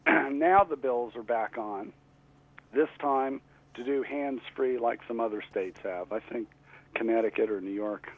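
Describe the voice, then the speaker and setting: A man with a congested cold voice, speaking as a state representative guest in a phone interview, halting with fillers and throat clearing. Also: mid-range voice. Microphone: telephone. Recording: tinny phone line.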